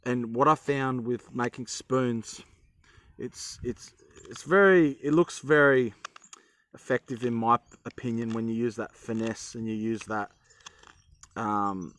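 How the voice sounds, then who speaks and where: A man's voice: mid-range voice, steady tone, a little slow, a bit bright. A young Australian man chatting casually as he teaches woodcarving, rambling with self-deprecating humor. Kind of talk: casual instructional talk while carving.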